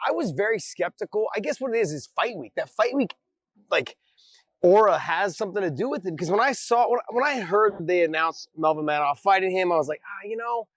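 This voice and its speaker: Man, casual podcast chat, rambling, high-pitched, dry sound. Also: expressive, fairly quick, no echo. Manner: rambling, restarts phrases, laughs easily. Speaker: podcast co-host.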